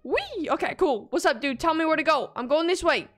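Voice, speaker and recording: Squealy excitable woman, lively high voice. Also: brisk. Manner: excitable, squealing and gasping at each obstacle. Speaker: gaming video creator. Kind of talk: playthrough commentary.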